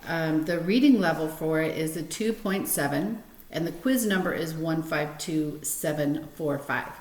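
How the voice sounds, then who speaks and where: A middle-aged woman librarian talking gently to children before a storytime read-aloud, with many ums. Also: low voice, measured pace. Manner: gentle, chatty teacher talk with many ums. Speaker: school librarian. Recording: roomy echo.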